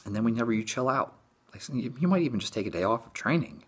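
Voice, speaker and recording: A man, a fitness coach, explaining a topic in a blunt, profane, animated casual monologue. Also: medium pitch, quick pace, slightly rough.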